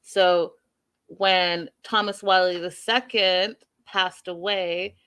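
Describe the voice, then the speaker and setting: Chatty woman recapping TV, bright voice. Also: on the low side, steady tone, slow pace, smooth. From Canada. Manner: chatty, addresses viewers directly. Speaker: host. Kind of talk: casual TV recap.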